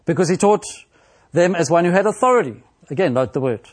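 A male preacher giving an expository sermon, speaking slowly and deliberately with frequent pauses and fillers, and quoting scripture in a raised, animated voice. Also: a little high.

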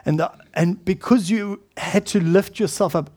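An earnest middle-aged man preaching a sermon in a slightly higher voice. He often sinks to a hushed, solemn tone and restarts his words as he goes. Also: moderate pace. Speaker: pastor.

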